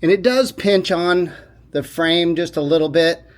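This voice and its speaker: A man giving a casual how-to walkthrough of a repair, talking informally with quick self-corrections and apologetic asides as he works. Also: fairly high pitch, expressive. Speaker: DIY repair video host.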